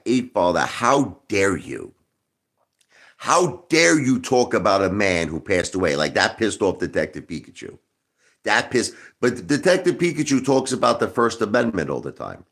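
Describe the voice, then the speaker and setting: A man's voice: on the low side, fairly bright tone, breathy edge. A man hosting a live stream, arguing with viewers in a combative way and repeating his points again and again. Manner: combative, repeats himself, talks straight to viewers. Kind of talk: livestream rant.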